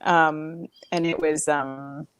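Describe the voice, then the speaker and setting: A woman's voice: deep voice, fairly even intonation, slow, smooth, no room sound. A woman chatting as a guest, rambling with lots of fillers and restarts. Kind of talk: casual chat.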